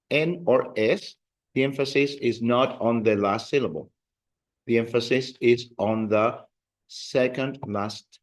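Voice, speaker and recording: A man teaching a class, explaining verb endings patiently and drilling students in a classroom. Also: mid-range voice. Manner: slow, patient, drills students with call-and-response. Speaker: Spanish teacher. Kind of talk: classroom lesson.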